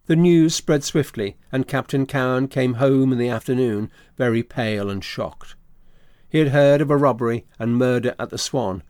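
A man narrating a classic novel as an audiobook, with a steady, even storytelling delivery. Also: mid-range voice, no echo, clean studio sound.

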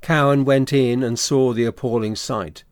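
A man narrates a classic novel as an audiobook with a steady, even storytelling delivery. His voice is mid-range at a normal speed, with no room sound.

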